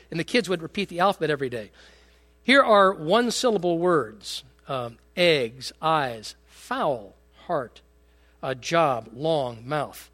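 High-voiced, emphatic male preacher. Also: sharp tone. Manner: emphatic, with rhetorical questions and joking asides. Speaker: pastor. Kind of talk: sermon.

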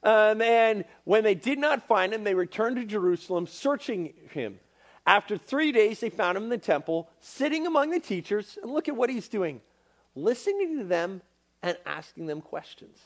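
A young man preaching to a youth group, casual and animated, acting out bits of dialogue with many fillers. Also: high-pitched, moderate pace. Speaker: youth pastor. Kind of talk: sermon to young people.

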